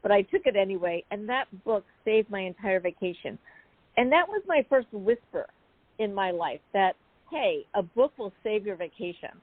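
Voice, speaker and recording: A woman guest on an interview show, telling a personal story in a chatty, animated way with many asides. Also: mid-range voice, normal speed, no room sound. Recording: phone-like dry call audio.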